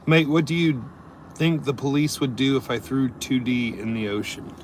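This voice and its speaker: A man's voice: mid-range voice, fairly even intonation, moderate pace, slight background noise. A man who works as a service plumber chatting casually on a live stream from inside his work van, reading viewer comments and joking loosely.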